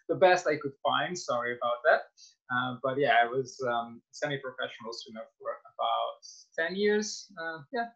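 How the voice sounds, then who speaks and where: In a webinar presentation heard through a video call, a young Italian man speaks as a guest in his native accent. His voice is medium-pitched and a bit bright, his manner friendly yet hesitant, with frequent fillers. The audio comes through dull and lo-fi.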